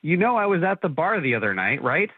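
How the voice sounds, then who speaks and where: Guy calling in, stammers a lot, fed up, lively pitch, dull dry line. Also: a little fast, slightly rough, no room sound. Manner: hesitant, stammering, exasperated. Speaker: caller confronting his nanny. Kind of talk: phone call on radio.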